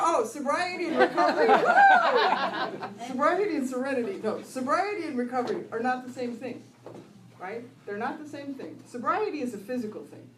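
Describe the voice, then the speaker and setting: A woman's voice: high voice, slight background noise. A middle-aged woman telling her recovery story to an audience, laughing often and asking "right?" as she goes. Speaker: recovery speaker. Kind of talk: personal recovery talk to an audience. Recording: echoey room, voice from far off.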